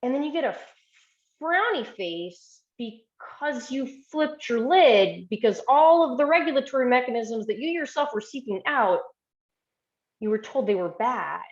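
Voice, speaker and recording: A woman's voice: a little high, lively intonation, a little slow, echoey room, muffled recording. A woman physician giving a storytelling presentation, talking earnestly and with emotion over a video call.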